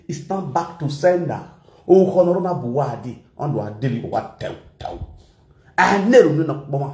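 A Nigerian man rants casually and mockingly, in a high voice full of big swings in pitch. He is recorded in a roomy space that echoes around him. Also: very animated, brisk, darkish tone. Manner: mocking, mixes pidgin and local languages. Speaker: online commentator. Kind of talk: casual ranting commentary.

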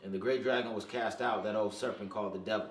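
A man reading scripture aloud during a Bible study, steady in reading but hesitant when answering. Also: on the low side, fast, reverberant. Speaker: scripture reader.

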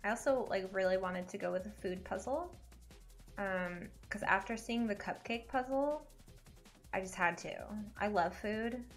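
A woman's voice: mid-range voice, a little slow. Young woman streamer, casual chatty delivery, laughs often, faint music behind. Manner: chatty, giggly, animated. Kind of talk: casual gaming stream chat.

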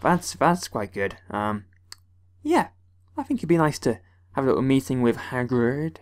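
A man's voice: mid-range voice, animated, moderate pace. A young man from the West Country of England doing let's play commentary, exclaiming and grumbling at the game as he plays. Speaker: gaming video host.

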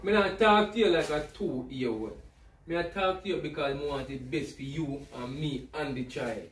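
Insistent Jamaican man, high voice, echoey room. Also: moderate pace, slight background noise. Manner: insistent, lecturing, repeats himself. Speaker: vlogger husband. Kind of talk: casual couple argument. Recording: echoey room, mic far off.

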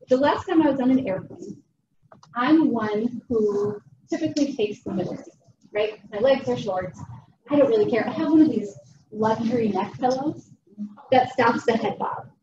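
Chatty woman speaker, distant and roomy. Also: on the high side. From Wisconsin. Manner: chatty, humorous, keeps checking in with "right?". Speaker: guest speaker. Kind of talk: storytelling presentation. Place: meeting room. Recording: distant, roomy, dull and noisy.

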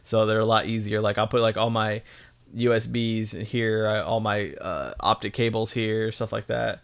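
A man's voice: fairly low pitch, steady tone, moderate pace, vocal fry. A young man from Texas talking in a casual, rambling way over gameplay as a gaming YouTuber, swearing often and filling gaps with ums and restarts.

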